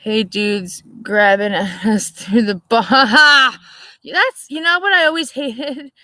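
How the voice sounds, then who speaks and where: A woman's voice: a little high, slow pace, sharp tone, no room sound. A brash woman chatting casually on a live stream, swearing freely and laughing often. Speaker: co-host.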